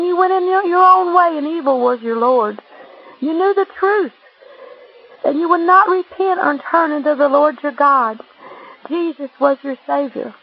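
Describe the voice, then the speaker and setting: A woman voicing Jesus as a grave, sorrowful male judge, read in a solemn, measured way. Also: high voice. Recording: dull lo-fi recording.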